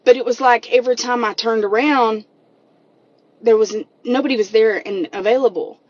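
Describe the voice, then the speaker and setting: A woman's voice: fairly high pitch, steady tone, moderate pace, no echo, dull audio. A woman, sharing a personal church testimony in earnest, emotional casual talk. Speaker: member of a church women's group sharing a testimony.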